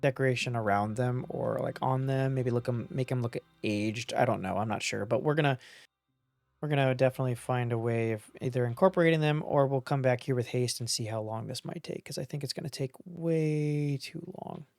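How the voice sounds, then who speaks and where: A man hosting a gaming video, thinking aloud in casual commentary, self-mocking and quick to get excited. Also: medium pitch, gravelly, dry recording. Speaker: gaming channel host.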